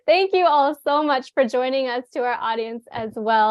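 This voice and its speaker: A woman's voice: high voice, normal speed, dry recording, clean studio sound. A woman moderating a briefing, giving gracious closing thanks with light humor.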